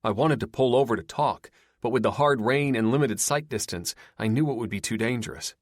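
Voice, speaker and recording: A man reading a romance audiobook in first person, steady and measured. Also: medium pitch, no echo, clean studio sound. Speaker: audiobook narrator. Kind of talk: first-person scripted narration.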